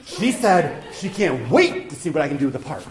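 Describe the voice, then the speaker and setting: A man's voice: fairly high pitch, lively intonation, brisk, reverberant, close to an everyday voice. A man playing an insecure, self-doubting actor with a dramatic, neurotic manner in a community radio play. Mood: anxious. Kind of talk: amateur radio play acting.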